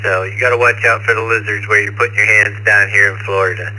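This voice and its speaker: A man's voice: on the low side, flat delivery, fast talker, sharp tone, poor audio. A man calling into an amateur radio net, answering in an easygoing, storytelling way. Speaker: net caller.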